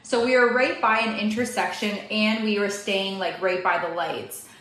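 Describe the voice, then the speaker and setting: A young woman from Canada, a guest telling a story in a casual, animated way, quick and full of "like" fillers. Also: medium pitch. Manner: fast, animated, many "like" fillers. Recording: echoey room.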